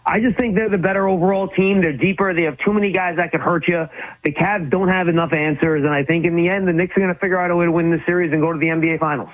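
A man's voice: sits high, steady tone, quick pace. A man calling in as an insider guest on a sports talk show, chatting casually with frequent stammered restarts. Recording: tinny phone line.

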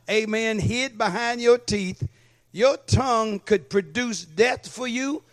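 High-voiced preaching man. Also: fairly bright tone. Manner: calls for amen and asks if the congregation follows. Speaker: pastor. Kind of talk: sermon. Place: church.

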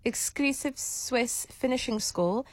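A woman's voice: on the high side, slow, no echo. Chatty woman co-host. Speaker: radio co-host. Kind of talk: casual radio chat.

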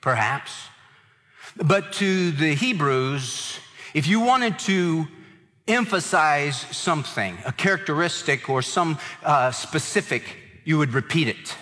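A male pastor delivering a sermon with a fairly high voice. He drives points home by repeating words for emphasis. His voice rings with a long hall reverb. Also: expressive, slow, pushed and bright.

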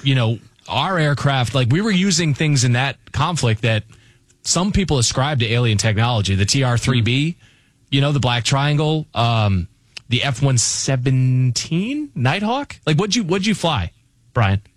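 A man's voice: mid-range voice, animated, normal speed, no echo. A man hosting a radio call-in show in a studio. He talks energetically and often restarts his sentences with a stammer. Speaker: sports radio host.

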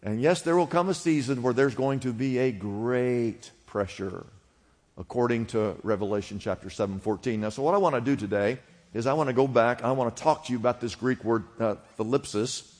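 A man's voice: mid-range voice, a little fast, darkish tone, in a large hall. A man preaching a sermon to a congregation, explaining a word and asking the people to repeat it after him. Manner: teaching, asks congregation to repeat words. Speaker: pastor.

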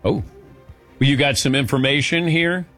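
An older man hosting a sports talk show in casual chat, relaxed and chuckling, calling on his co-hosts. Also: medium pitch, normal speed, soft background music. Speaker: sports radio host.

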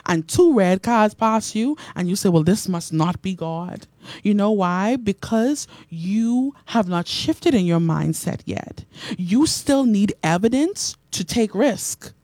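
Animated woman preaching, mellow and dry. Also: mid-range voice, takes it slowly, no echo. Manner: animated preaching, repeats phrases, reads out comments. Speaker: radio and online preacher host. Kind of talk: sermon.

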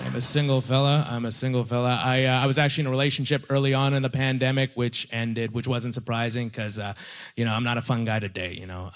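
A young adult man doing a stand-up comedy set, self-deprecating and given to emphatic repetitions. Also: medium pitch. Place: comedy club stage, live audience.

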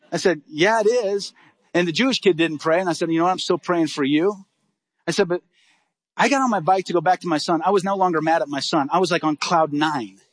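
A middle-aged man preaching a sermon, telling a story with lively acted-out dialogue. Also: a little high, no room sound. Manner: animated, acts out dialogue in quick bursts. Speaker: pastor.

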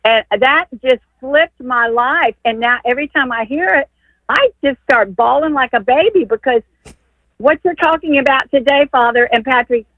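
Older lady on a tinny phone line, excited, rambles on and on, dry sound. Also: high voice, normal speed, dry recording. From Texas. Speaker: caller. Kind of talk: call-in radio talk.

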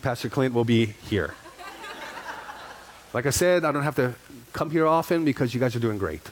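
A middle-aged man, a pastor, preaching a sermon in an animated storytelling way, moving from quiet asides to raised, emphatic repetition. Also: mid-range voice, a little hiss or hum.

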